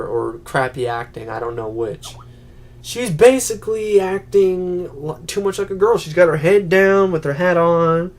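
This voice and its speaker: A man with a slightly higher voice walks through a film scene by scene in a loose, rambling review. He leans on filler words and briefly acts out the characters' lines as he goes. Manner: rambling, many "you know" fillers, acts out quotes. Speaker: movie reviewer. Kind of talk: casual spoken film review.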